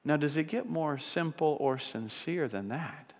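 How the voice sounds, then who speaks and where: A man's voice: a little high, a little slow, hardly any pauses. A man preaching a sermon as pastor, earnest and emphatic, often restarting his sentences as he builds a point. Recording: long reverb of a large hall.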